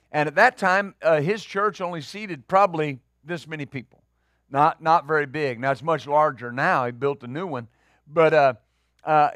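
A middle-aged male pastor preaching a sermon, conversational, rising into loud emphatic peaks. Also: a little high, dry recording, clean studio sound.

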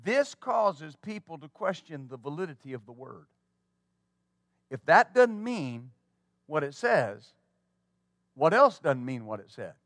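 A man's voice: a little high, very animated, measured pace, long pauses, no room sound, clean studio sound. A male pastor preaching a sermon fervently, with call-and-response asides to the congregation.

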